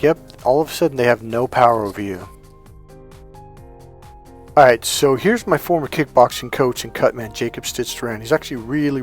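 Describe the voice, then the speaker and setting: Animated male life coach telling stories. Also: medium pitch. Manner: animated storytelling, acting out quoted dialogue. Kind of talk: casual monologue to camera.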